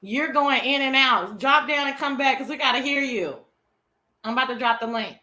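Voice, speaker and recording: A high, bright-voiced woman hosts a casual livestream chat. She talks loud and theatrical, swears freely and laughs through her lines. Her voice rings in a roomy echo. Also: normal speed. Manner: loud, dramatic, profane, laughing. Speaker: host.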